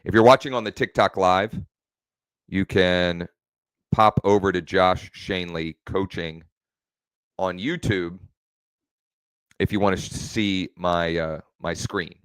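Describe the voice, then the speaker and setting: A man speaks slowly in a low voice, hosting a casual live stream from his home. He rambles and keeps restarting his phrases as he corrects himself. The sound is dry and close. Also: steady tone, a bit bright, clear, resonant tone, no room sound. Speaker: real estate coach hosting a live stream.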